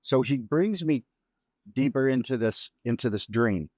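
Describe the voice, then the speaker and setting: Middle-aged father, guest; halting, reflective storyteller; mid pitch, dry mic. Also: animated, a little mellow, no echo. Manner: halting, reflective, many restarts. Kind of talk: emotional storytelling.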